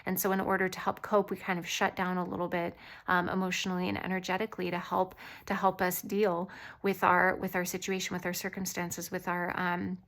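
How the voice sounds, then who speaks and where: A woman with a light voice giving an intuitive tarot reading to her viewers, earnest, reassuring and gently rambling. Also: fairly low pitch, completely flat delivery, fairly quick. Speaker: tarot reader.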